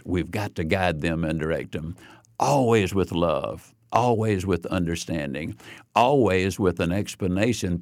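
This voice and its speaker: A man speaking calmly and earnestly, giving advice on raising children. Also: low voice, creaky, no room sound, studio quality. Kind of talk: parenting advice talk.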